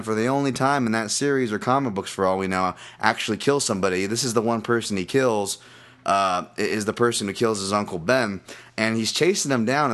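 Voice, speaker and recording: A man hosting a fight-analysis podcast, ranting with lots of swearing and restarts, then settling into a calmer betting breakdown. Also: medium pitch. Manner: profane, animated ranting with many restarts. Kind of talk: casual ranting podcast talk.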